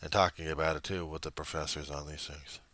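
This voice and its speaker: Deep, forceful man musing in a video diary. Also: flat delivery, fairly quick, slight background noise. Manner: rambling, self-deprecating, swings from quiet musing to loud outbursts. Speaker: video diarist addressing a reverend. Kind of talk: personal video diary monologue.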